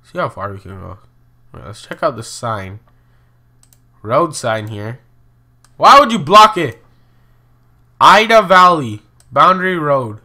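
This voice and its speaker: A man's voice: fairly high pitch, big pitch swings, slow, pauses often, sharp tone. A young man giving casual, chatty commentary on a geography guessing game, exclaiming and mocking himself as he goes. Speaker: gaming video host.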